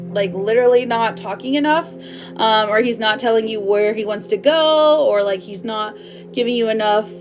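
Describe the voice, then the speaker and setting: A woman doing a live tarot reading for viewers, bubbly and affectionate, chatting loosely with lots of fillers and laughs. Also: fairly high pitch. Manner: affectionate, calls viewers girl and my love. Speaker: tarot reader.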